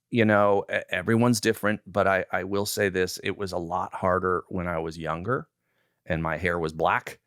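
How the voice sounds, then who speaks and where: A man in his sixties, a film director, is an interview guest telling stories and acting out the lines people said with lots of animation. His voice is deep and smooth, recorded cleanly in a studio with no room sound.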